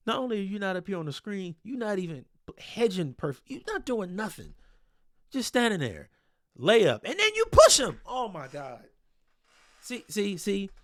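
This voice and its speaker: A man's voice: a little high, no room sound, studio quality. A man breaking down basketball game film in a casual, exasperated and blunt way, swearing freely.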